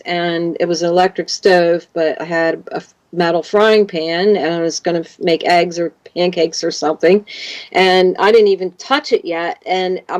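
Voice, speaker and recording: A woman from Canada in her fifties, a guest in an interview, telling rambling, animated stories. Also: lowish voice, muffled recording. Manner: rambling, animated storytelling with laughs. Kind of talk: casual interview.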